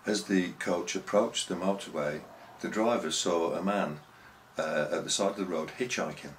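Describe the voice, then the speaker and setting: A man's voice: low-pitched, moderate pace, a little hiss or hum, low-quality recording. A man preaching a sermon, telling a story and asking earnest rhetorical questions.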